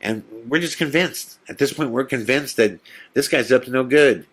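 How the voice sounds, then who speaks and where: A man hosting a podcast, telling a tense personal story in a casual, animated way and acting out the quotes. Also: moderate pace. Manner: animated storyteller, acts out quotes in a whisper and excited high voice. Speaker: podcast host.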